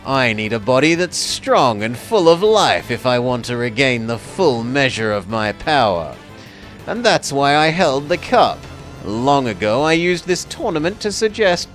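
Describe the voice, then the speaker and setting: A man's voice: medium pitch, fairly bright tone. A man voicing an ancient evil male skull spirit that hunts for a new body, reading the game's dialogue in grand, menacing proclamations. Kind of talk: reading game dialogue aloud.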